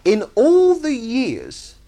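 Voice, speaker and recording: A man's voice: very high-pitched, extremely slow, gravelly. A man preaching a sermon, emphatic and conversational, often asking his listeners whether they see his point. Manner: animated, emphatic, asks the congregation "you see?".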